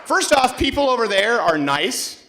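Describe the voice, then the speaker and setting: Brash, high-pitched male comedy host. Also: very animated, moderate pace, background noise. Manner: brash, sarcastic, slips into mocking put-on voices. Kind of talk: live comedic talk show monologue. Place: live show before a campus audience.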